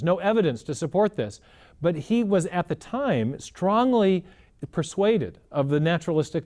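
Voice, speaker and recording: A man's voice: on the high side, a little mellow. A man answering in an interview, explaining and telling a story earnestly, often repeating words as he thinks. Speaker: guest explaining science.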